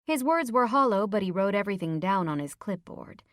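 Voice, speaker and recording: A woman narrates a first-person romance audiobook with a mid-range voice. She reads expressively and lifts her pitch on the heroine's lines. The sound is dry and close-miked, with no room echo. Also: lively intonation, a little slow.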